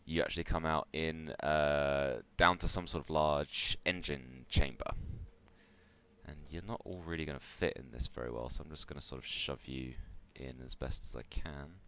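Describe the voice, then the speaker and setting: A man with an extremely deep, smooth, resonant voice running a tabletop game as game master. He narrates in a relaxed, loose way and often pauses with fillers.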